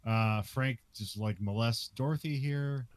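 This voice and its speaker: A man's voice: medium pitch, unhurried, no echo. A man co-hosting a film podcast, recapping scenes and laughing often. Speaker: podcast co-host. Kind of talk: casual film discussion.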